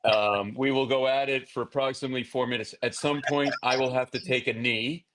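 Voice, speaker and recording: A man's voice: medium pitch, steady tone, brisk, a bit bright, natural voice. A man impersonating an older male football coach who gives stiff, step-by-step orders. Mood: commanding. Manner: drill-like step-by-step instructions.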